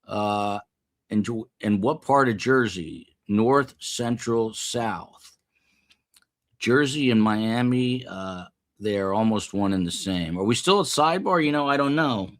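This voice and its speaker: Male livestream host, rambling, low voice, casual live commentary. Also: expressive, slow. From United States. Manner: rambling, chatting with viewers. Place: upper floor of a building.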